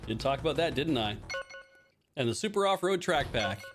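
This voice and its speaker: Very animated and medium-pitched, this livestreamer speaks at a normal speed with music playing behind him. He unboxes things and plays games while chatting casually, rambling, joking about himself, and swearing from time to time.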